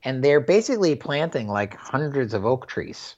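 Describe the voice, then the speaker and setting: A man's voice: mid-range voice, sing-song, normal speed. A man telling rambling stories in a casual conversation, with many fillers and frequent laughs. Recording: dull lo-fi recording.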